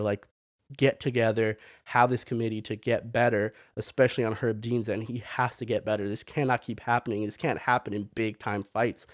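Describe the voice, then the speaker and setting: A man's voice: fairly low pitch, little pitch movement, normal speed, no room sound. Man, podcast host, casual sports commentary, opinionated, rambling, dry close sound.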